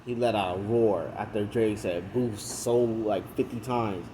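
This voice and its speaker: A man's voice: lowish voice, steady tone, a little slow, background noise. A young man casually retelling a fan story in a hesitant way, full of fillers. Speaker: video creator.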